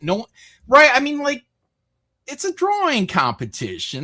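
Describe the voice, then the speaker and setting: A man's voice: extremely high pitch, moderate pace. A man hosting a casual livestream chat, rambling loosely and telling stories with lots of restarts. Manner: loose, rambling, animated storytelling. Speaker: stream host.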